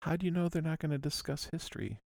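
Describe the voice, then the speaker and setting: A man's voice: on the high side, steady tone, quick pace, creaky, darkish tone, no room sound, clean studio sound. Chatty man retelling a movie plot. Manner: chatty storyteller, retells scenes, laughs along. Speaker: podcast co-host. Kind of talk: casual chat recapping a movie.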